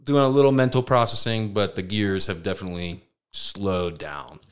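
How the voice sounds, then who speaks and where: A man co-hosting a podcast, telling a long story in casual chat, animated, swearing now and then, acting out other people's words. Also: deep voice, moderate pace, smooth. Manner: animated anecdote teller, mimics voices, swears. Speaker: podcast co-host.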